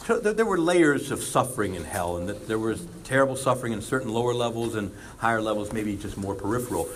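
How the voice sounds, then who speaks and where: Male priest, sermon talk, animated, chatty asides, lively pitch, faint background hiss. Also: fast. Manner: conversational, animated preaching with asides. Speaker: Catholic priest.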